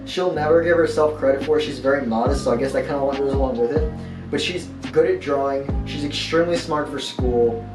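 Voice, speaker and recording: A man's voice: mid-range voice, a little fast. Young man, earnest and reflective, casual; off-mic with music under. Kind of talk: casual talk about his girlfriend. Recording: roomy, distant, music behind.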